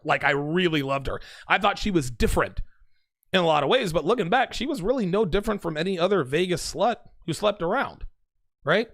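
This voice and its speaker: A man's voice: high voice, creaky, fairly bright tone, no room sound, clean studio sound. A man casually telling a personal story in a rambling, conversational way, with asides to his listeners. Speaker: host.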